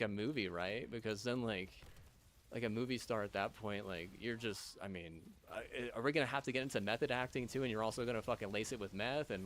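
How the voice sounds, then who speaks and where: A man's voice: lowish voice, fairly bright tone. A young man ranting in a rambling, profane way, full of fillers and restarts.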